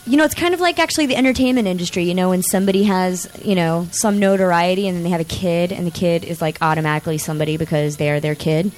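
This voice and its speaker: A woman's voice: on the low side, rapid-fire, few pauses, a little hiss or hum. Chatty rambling woman host. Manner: chatty, rambling, lots of fillers; excitable, animated outbursts. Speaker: podcast host. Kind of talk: casual chat.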